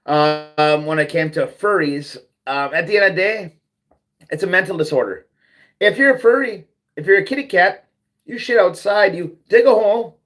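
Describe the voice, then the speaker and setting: High-voiced man on a profane rant. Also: lively intonation, normal speed, a bit bright. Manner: blunt, profane, keeps repeating himself. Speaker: livestream host. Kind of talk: ranting monologue.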